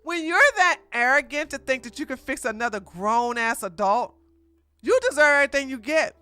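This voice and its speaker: A woman's voice: high voice, animated, normal speed, bright, forceful tone, smooth, faint music behind. A woman giving casual reaction commentary, blunt and emphatic, lecturing in slangy speech. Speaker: commentary streamer.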